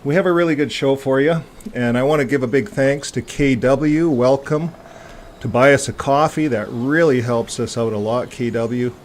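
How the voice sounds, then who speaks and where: A middle-aged man hosting his own talk show, chatting casually and rambling with plenty of filler pauses. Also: mid-range voice, a little hiss or hum. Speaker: host of a faith talk show. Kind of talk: casual chat to viewers.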